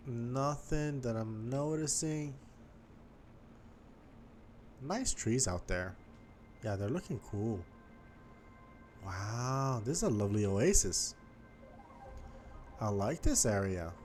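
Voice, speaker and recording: Man, mid-pitched voice, casual gameplay commentary, thinks out loud, faint music under it. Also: animated, slow pace, pauses often. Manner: chatty, thinking aloud, talks to the game world. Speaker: gaming YouTuber.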